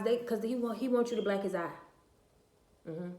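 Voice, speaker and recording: A woman's voice: on the high side, normal speed, warm tone. A woman, venting bluntly and profanely to her viewers in a casual rant. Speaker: vlogger. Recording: echoey room.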